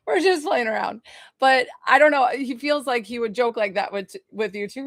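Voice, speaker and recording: A woman's voice: sits high, animated, moderate pace, a bit bright, dry recording, clean studio sound. A woman from New York giving a spiritual reading on a phone livestream, gushing, laughing often and chatting with viewers. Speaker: psychic medium.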